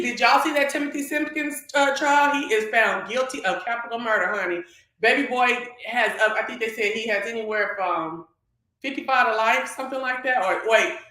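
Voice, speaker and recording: Sassy livestream host in a very echoey room. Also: mid-range voice. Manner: sassy, animated, calls viewers girl and honey. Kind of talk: casual livestream gossip chat.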